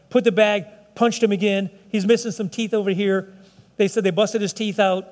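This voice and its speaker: A man's voice: high voice, little pitch movement, normal speed, darkish tone, long reverb tail. A man preaching a sermon, talking with the congregation and asking them questions. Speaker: pastor. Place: church, broadcast service.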